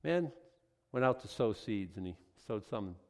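A man preaching a sermon, acting out little scenes and swinging between loud outbursts and hushed asides. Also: lowish voice, animated, unhurried. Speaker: pastor.

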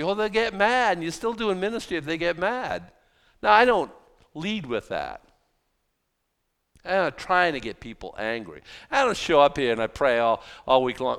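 Animated gravelly-voiced male preacher. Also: on the high side, moderate pace, long reverb tail. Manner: animated, conversational preaching with mocking asides. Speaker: pastor. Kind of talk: sermon.

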